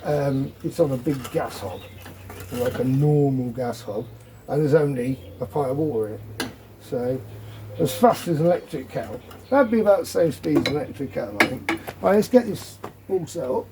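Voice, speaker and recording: A man's voice: mid-range voice, expressive, moderate pace, noisy background. A middle-aged man chatting casually as he demonstrates his gear, rambling with joking asides. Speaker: off-grid living vlogger.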